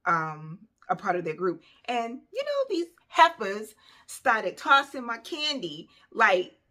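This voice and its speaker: A woman telling a personal story in a casual vlog, animated and conversational, with plenty of fillers. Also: on the high side, takes it slowly. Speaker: vlogger.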